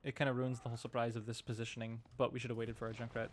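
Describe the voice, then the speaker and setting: A man's voice: medium pitch, completely flat delivery, racing. Man casually breaking down match footage. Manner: thinking aloud with frequent restarts. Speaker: coach reviewing team gameplay. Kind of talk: casual analytical game review. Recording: noticeable background noise.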